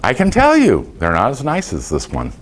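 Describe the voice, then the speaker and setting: A man's voice: mid-range voice, huge pitch swings, moderate pace. A man giving a folksy, anecdote-filled motivational talk to a group of caregivers. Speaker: speaker to caregivers.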